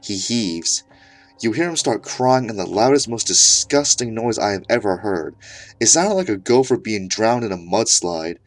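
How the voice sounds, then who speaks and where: A man's voice: fairly low pitch, animated, normal speed, faint music behind. A man narrating an absurd comedic horror story in a mock-serious tone.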